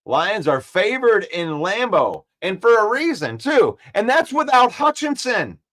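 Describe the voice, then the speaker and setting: High-voiced, excitable sports-talk man. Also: unhurried. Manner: excitable, trash-talking, repeats himself. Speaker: sports show host.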